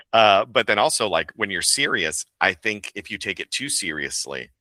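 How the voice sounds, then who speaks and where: Speaking a little slowly, a man who works as a voice actor and director chats casually about his craft in an interview. His very deep voice carries a bright, forceful quality, he's lively and quick to laugh, and the close-miked audio is dry with no room sound.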